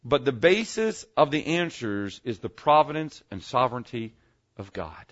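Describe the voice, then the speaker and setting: A man's voice: medium pitch, very animated, normal speed, muffled recording. A middle-aged man preaching a conversational sermon as a pastor, often checking in with his listeners. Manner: folksy, conversational preaching with frequent "okay?" check-ins.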